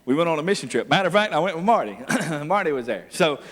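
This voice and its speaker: A man preaching a revival sermon, telling folksy stories with frequent laughs and building to loud, forceful preaching. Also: a little high, very animated, fast talker. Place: church sanctuary. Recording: long church hall reverb.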